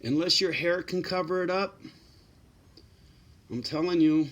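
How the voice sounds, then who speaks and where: A man's voice: a little high, expressive, measured pace, long pauses. A middle-aged man giving blunt, profane advice in a casual straight-talking monologue, often tagging lines with "right?" and "you know".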